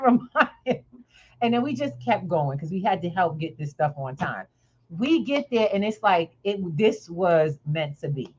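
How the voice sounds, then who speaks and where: A woman's voice: on the low side, moderate pace. Chatty woman host, lo-fi sound. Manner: lively, chatty, laughs often. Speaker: podcast host. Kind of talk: casual chat, storytelling.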